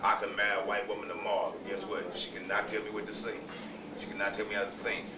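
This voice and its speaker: A man's voice: on the low side, level tone, fast. A man speaking at a public board meeting, rambling and emphatic. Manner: rambling, emphatic, keeps saying "guess what". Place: meeting room, indoors. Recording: echoey room from far off, clear noise.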